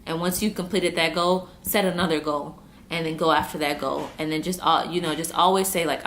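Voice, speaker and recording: A woman in her twenties with a low voice speaks straight to camera in a personal vlog. She talks earnestly and circles back over her points, working to keep from crying. A faint hiss sits under the recording. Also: steady tone, a little fast, a bit bright. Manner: earnest, repeats herself, trying not to cry. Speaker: vlogger.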